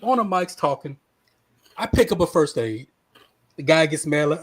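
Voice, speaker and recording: A man's voice: on the high side, big pitch swings, moderate pace, slightly rough. A man on a podcast ranting casually and with irritation, swearing freely. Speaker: podcast co-host. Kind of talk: casual chat.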